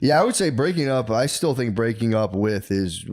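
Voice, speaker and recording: A man in his thirties, co-hosting a podcast, rambling through stories with halting restarts. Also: medium pitch, lively intonation, darkish tone. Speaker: podcast co-host. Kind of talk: casual chat.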